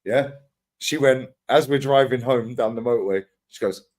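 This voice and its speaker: A man in casual podcast chat, telling animated stories full of slang and swearing and acting out what others said. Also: mid-range voice, moderate pace. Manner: animated storytelling, acts out quotes, swears freely, lots of slang. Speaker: podcast co-host.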